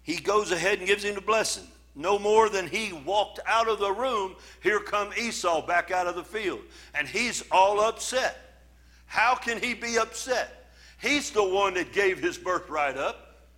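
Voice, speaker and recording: High, bright-voiced male pastor preaching. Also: measured pace. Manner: preaching with scripture readings, emphatic and conversational. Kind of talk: sermon.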